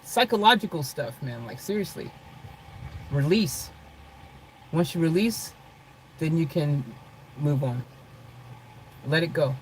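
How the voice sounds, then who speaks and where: A woman's voice: low-pitched, expressive, takes it slowly, pauses often, a little hiss or hum, poor audio. A woman vlogging live from her car, chatting loosely with viewers by name, laughing often and rambling. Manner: loose, rambling, says "freaking" a lot. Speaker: vlogger reading live chat. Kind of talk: casual live-stream chat. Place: parked car.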